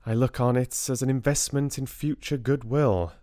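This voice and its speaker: A man's voice: medium pitch, normal speed, dry recording, clean studio sound, voice pushed up, lightly acted. A man voicing a wry, amused young British woman in an audiobook. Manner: light, amused, lively. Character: young woman, new royal girlfriend, wry.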